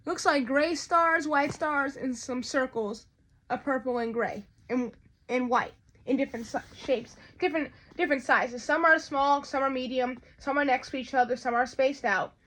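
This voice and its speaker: A woman's voice: high-pitched, moderate pace, fairly bright tone. A woman, chatting to her viewers in an unboxing vlog, often repeating herself. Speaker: vlogger.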